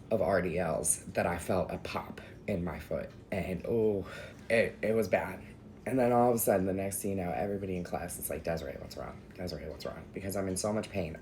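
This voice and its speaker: This vlogger, a young adult woman, has a bass voice with a darkish tone. She tells an emotional, candid story in a casual vlog, venting and swearing a bit over slight background noise.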